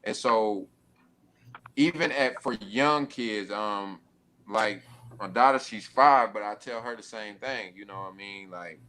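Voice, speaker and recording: A young man with a fairly low voice talks over his advice in a laid-back, casual panel discussion. He speaks plainly and checks in often with his listeners. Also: measured pace, bright, forceful tone. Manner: laid-back, often says "you know what I mean". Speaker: panel guest.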